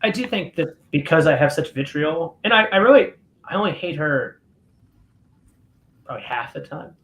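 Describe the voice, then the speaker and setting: A man's voice: a little high, expressive, moderate pace, a bit bright. Blunt, sarcastic man co-hosting. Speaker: podcast co-host. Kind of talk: casual group discussion.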